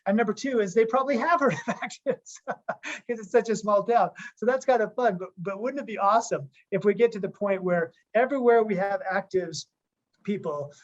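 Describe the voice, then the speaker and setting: A man's voice: high-pitched, brisk. A man, a company co-founder, giving an upbeat conference call pep talk, rambling with frequent restarts. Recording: muffled lo-fi call audio.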